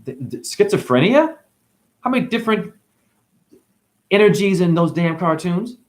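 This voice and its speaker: A man rambles on to camera in an animated, unscripted monologue, cursing as he goes. His pitch sits a little high and leaps around a lot, and he swings from loud outbursts to low mutters. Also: normal speed. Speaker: vlogger.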